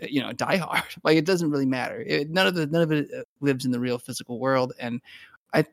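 A man's voice: mid-range voice, brisk, gravelly, no echo. A man chatting casually as a podcast co-host, rambling with frequent restarts and laughter. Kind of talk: casual chat.

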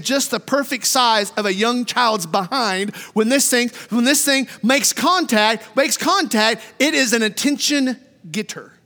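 A middle-aged man preaches a sermon in a notably high, bright voice. He tells stories with animation and circles back on his own phrases. His words carry a long reverb from a large church hall. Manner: animated storytelling, repeats phrases. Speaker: pastor. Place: church sanctuary.

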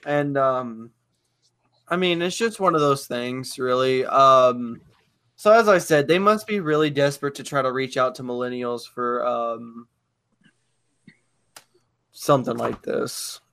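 A man's voice: mid-range voice, measured pace, long pauses, sharp tone, clean tone. A man co-hosting a casual podcast, blunt and opinionated, swearing freely. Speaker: podcast co-host.

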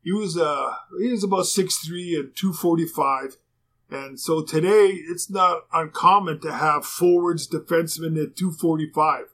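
A man's voice: a little high, measured pace, fairly bright tone. A man, a former pro hockey player, telling a casual rambling anecdote with fillers and restarts.

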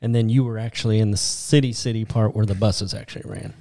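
A man's voice: on the low side, fairly even intonation, quick pace, dark tone. A middle-aged man from Detroit, co-hosting a podcast in a casual, rambling chat and laughing often. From Detroit, Michigan. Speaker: podcast co-host.

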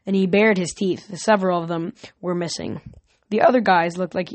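A woman's voice: on the low side, darkish tone, no echo. A woman reading a novel aloud in a casual way, often correcting herself. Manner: casual, frequent self-corrections. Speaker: reader.

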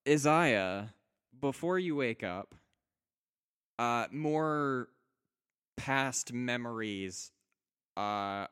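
A young man running a tabletop game, narrating scenes slowly and deliberately in a smooth, clear voice. He stumbles and restarts often, filling gaps with hesitations. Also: medium pitch, a bit bright. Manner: halting, many fillers and restarts. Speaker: game master.

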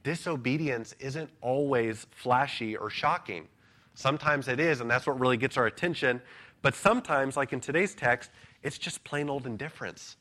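A man preaching an earnest, measured expository sermon, pausing now and then with an "uh". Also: mid-range voice, pushed and bright. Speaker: pastor.

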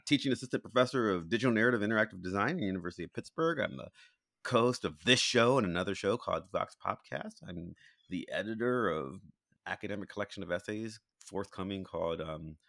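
Male co-host, bright and lively, halting delivery with laughs, dry mic. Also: on the low side, vocal fry, no echo. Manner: halting, stammering, laughs a lot. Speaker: podcast co-host. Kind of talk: casual podcast chat.

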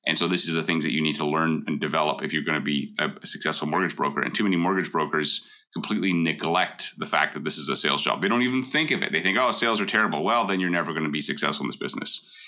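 Middle-aged man, very deep and bright-toned, casual advice talk, emphatic and direct. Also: fairly even intonation, fast talker. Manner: blunt, emphatic, repeats key points. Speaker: mortgage broker.

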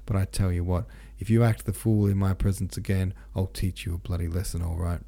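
Brief: man as a furious young officer, sharp, deep, gravelly. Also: flat delivery, brisk. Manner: sharp, scolding. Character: angry proud young male prince and officer.

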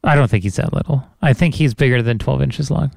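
A man hosting a podcast, chatting casually and reacting quickly to his co-hosts. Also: medium pitch, creaky, a little mellow, no echo, studio quality. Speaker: podcast host. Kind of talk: casual chat.

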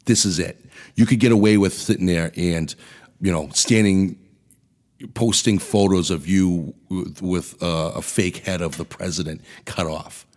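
A man's voice: low-pitched, fairly even intonation, a little slow, darkish tone. A man hosting a podcast, delivering an angry, profane political rant in a blunt way. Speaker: podcast host. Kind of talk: ranting political commentary.

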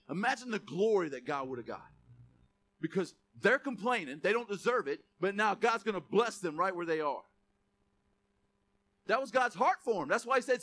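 A male pastor preaches with an animated, joking manner, reading scripture aloud. His voice sits very high and sounds bright and sharp. Now and then he bursts into a shout on quoted lines. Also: fairly quick. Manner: animated, jokey asides, reads scripture aloud. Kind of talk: sermon.

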